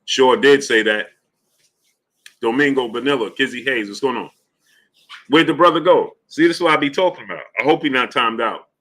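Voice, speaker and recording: A man runs a casual boxing talk stream and greets his regulars one after another. His voice is bright and forward at a middling pitch. His delivery is loose and full of slang, with the same friendly greeting over and over. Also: normal speed. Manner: loose, repetitive shout-outs in a friendly drawl, slips into slang. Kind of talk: casual live-stream chat, reading out viewer names.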